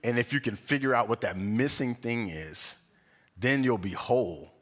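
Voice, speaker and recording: A young man giving a conversational sermon at a spiritual center, an animated storyteller who acts out the voices in his stories and laughs often. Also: medium pitch, moderate pace. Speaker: guest speaker at a spiritual center. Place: church sanctuary.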